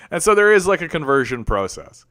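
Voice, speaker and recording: A man's voice: fairly high pitch, pushed and bright, no echo, studio quality. A man hosting a political commentary stream, talking casually and answering chat, rambling with lots of restarts and fillers. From Canada.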